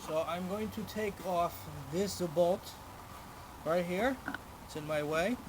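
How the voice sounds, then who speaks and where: A man's voice: high-pitched, slow pace, noisy background. A man chatting casually while working on his car in a garage, full of crude, profane jokes and banter.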